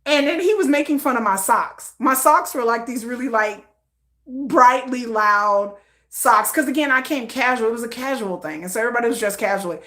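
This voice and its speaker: A woman vlogger telling a story in a chatty, animated way with lots of fillers. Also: a little high, a little fast, roomy sound. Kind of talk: casual storytelling.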